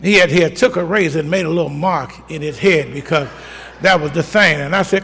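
A man's voice: a little high, brisk, fairly bright tone, husky, big-room sound. Older man preaching with folksy amens. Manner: storytelling with call-outs of amen, folksy. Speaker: pastor. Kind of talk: sermon. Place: church sanctuary.

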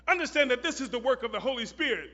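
A man preaching a sermon who repeats phrases for emphasis and builds up to shouted, chanted lines. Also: very high voice, sing-song, fast. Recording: muffled recording in a reverberant hall.

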